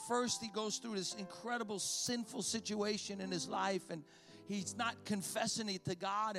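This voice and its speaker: Male pastor, very high voice, fervent repetitive preaching, soft music underneath. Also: gravelly. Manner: impassioned preaching, repeating phrases. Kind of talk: sermon.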